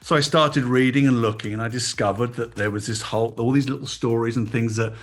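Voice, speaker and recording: A middle-aged man from England, a guest in an interview, telling animated, emotional stories about his past in casual chat. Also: medium pitch, brisk. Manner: animated storytelling, emotional, self-deprecating. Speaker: guest, toy designer.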